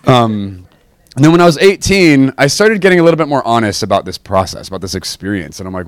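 A young man casually telling a personal faith story to listeners, animated and self-mocking, often checking in with "right?". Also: medium pitch, quick pace, dry recording.

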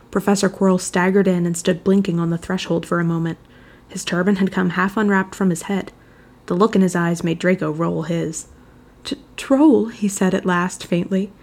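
A woman reads a fan fiction chapter aloud in a low, gravelly voice. Her delivery is even and measured, the steady pace of a storyteller working through a long passage. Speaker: narrator. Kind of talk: fan fiction audiobook reading.

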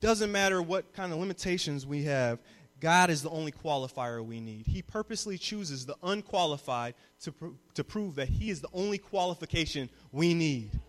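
A young man preaching a sermon as a youth pastor, moving from calm teaching to loud call-and-response. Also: on the high side, normal speed. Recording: long reverb of a hall.

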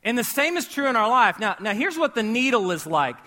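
A man with a high, bright voice delivers a sermon to a live congregation. He talks like he's chatting with friends, cracks jokes and asks the room questions. His voice swells to a shout on the words that matter. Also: brisk. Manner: animated, rising to shouts at key words; conversational and joking, asking the audience questions. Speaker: pastor. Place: church with a live audience.

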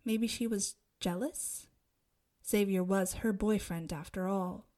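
A woman reading a young adult novel aloud as narrator, steady and expressive. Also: medium pitch, takes it slowly. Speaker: audiobook narrator. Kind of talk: scripted narration.

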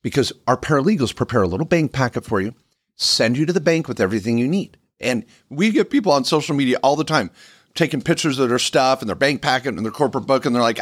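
A man co-hosting a business podcast, pitching services in an emphatic, animated way with many restarts. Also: quick pace, slightly rough, dry recording, studio quality. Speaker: podcast co-host, business lawyer. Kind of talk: casual podcast chat.

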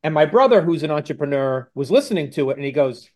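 A man's voice: on the high side, animated, quick pace, hardly any pauses, darkish tone. A man who is a guest on an interview show, explaining his work in a confident, conversational way over a video call. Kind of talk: interview answers.

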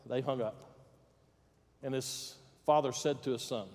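A man preaching in a church, his voice a bit higher than most men's. He tells a story with dry humor and acts out its voices. A long reverb from the hall trails after his words. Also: normal speed, a little mellow. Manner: storytelling, plays out quoted voices with jokes. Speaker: pastor. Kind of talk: sermon. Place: church sanctuary.

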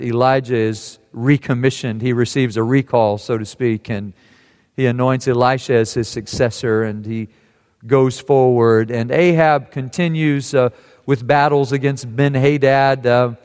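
A man preaching a sermon, telling a scripture story and quoting its voices softly. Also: mid-range voice, fairly even intonation, measured pace, clear, resonant tone, in a large hall.

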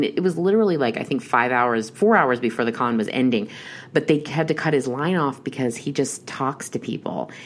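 A young adult woman telling a long, rambling personal story in casual chat, with many restarts and fillers. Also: extremely low pitch. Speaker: horror podcast host.

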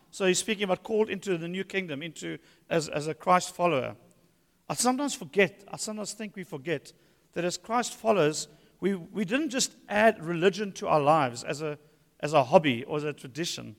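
A pastor preaching a sermon in a church, emphatic with humorous asides. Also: male voice, high voice, expressive, brisk, vocal fry. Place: church hall. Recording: long church-hall reverb.

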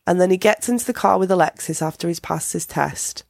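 A woman's voice: fairly low pitch, brisk, vocal fry, hardly any pauses, darkish tone, dry recording, studio quality. A woman hosting a casual solo podcast, rambling with many fillers and restarts. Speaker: podcast host.

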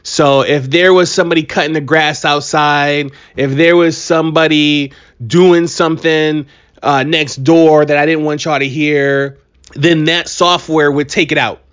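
Male podcast host, slightly high, animated and joking, allergy-worn voice, muffled home recording. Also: measured pace, clean tone. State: allergies, voice a bit strained. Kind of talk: casual solo podcast monologue.

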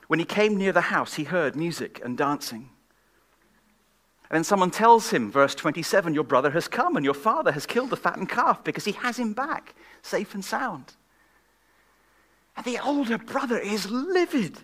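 A man preaching a sermon at a church gathering, swinging from loud emphatic questions to hushed, whispered lines. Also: high-pitched, big pitch swings, normal speed. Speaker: guest preacher.

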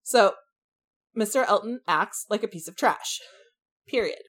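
Frank, animated woman in casual chat. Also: medium pitch, measured pace. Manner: animated, frank, slangy, acts out quotes. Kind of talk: casual book discussion chat.

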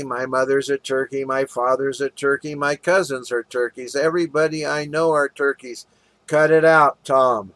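A man's voice: on the high side, a bit bright, dry recording. A man preaching, telling a parable as an earnest sermon story with little acted quotes.

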